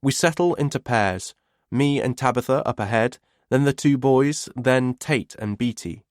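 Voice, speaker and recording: A man reading a thriller audiobook in the first person, measured and a little wry. His voice sits at an ordinary middle pitch. The close studio recording is dry, with no room sound. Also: no echo. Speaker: audiobook narrator.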